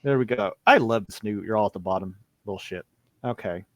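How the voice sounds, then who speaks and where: A man's voice: on the low side, brisk, no echo. Guy game-mastering a horror tabletop game, loose improvised telling, dry close audio. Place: home streaming setup.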